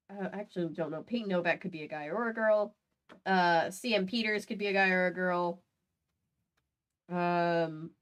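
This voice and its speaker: A woman hosting a comedic read-through of a fan-fiction book, talking in an animated way with bursts of mock outrage and swearing. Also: medium pitch. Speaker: host. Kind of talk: comedic reading and chat.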